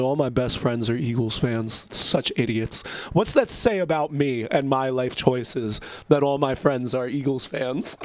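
A man's voice: medium pitch, no echo. A man hosting a casual radio show, rambling between songs, gleeful and profane, laughing often.

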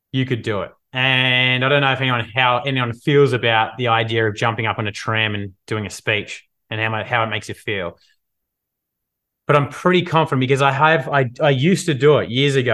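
Energetic male coach in his thirties, motivational live-stream delivery. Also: medium pitch. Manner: energetic, animated, acts out scenes. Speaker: business coach. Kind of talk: motivational live video talk.

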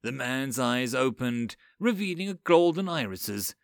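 Man narrating a dark fantasy story. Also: medium pitch, a little slow, dry recording, studio quality. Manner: expressive, dramatic reading.

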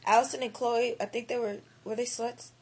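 A woman's voice: on the high side, flat delivery, brisk, husky. A young woman in casual chat, laid-back and slangy, teasing her friend.

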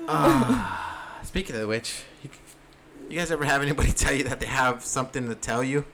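A man's voice: mid-range voice, expressive, normal speed, fairly bright tone, slight background noise. A man hosting a casual podcast chat, joking and teasing his guests.

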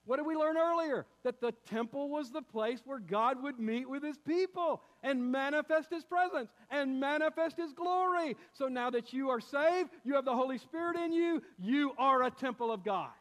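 A man's voice: very high voice, moderate pace, hardly any pauses, in a large hall. A man preaching a sermon as pastor, building emphasis and calling his listeners beloved.

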